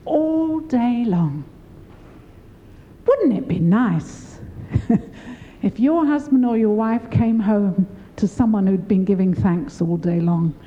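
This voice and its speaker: A woman's voice: slow, dull audio. An older woman preaching a sermon, encouraging and often laughing as she speaks. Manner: warm, laughing, encouraging, lively pitch swings.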